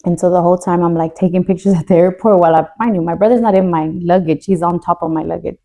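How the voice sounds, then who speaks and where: A young adult woman speaks in a mellow, warm voice with no edge. She tells a hard family story candidly, joking to cope and dropping her voice when tears come close. The delivery is casual and unscripted. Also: lowish voice, steady tone, quick pace. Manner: candid, jokes to cope, voice drops when tearful. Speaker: podcast co-host.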